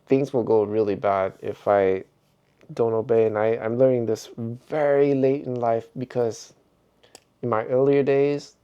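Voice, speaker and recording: A man's voice: mid-range voice, steady tone, a little slow, smooth, dull audio. A middle-aged man vlogging in a rambling, reflective way, chuckling often as he talks. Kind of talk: casual vlog monologue.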